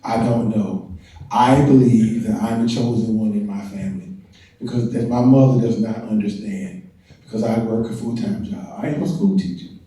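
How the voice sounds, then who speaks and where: A man's voice: lowish voice, steady tone, moderate pace, mellow. An older man, a family historian, talking casually to an audience as a guest speaker, chatty and joking with the crowd. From North Carolina and Washington, D.C. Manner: chatty, self-deprecating, jokes with the crowd. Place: large event hall. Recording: echoey hall, mic heard from a distance.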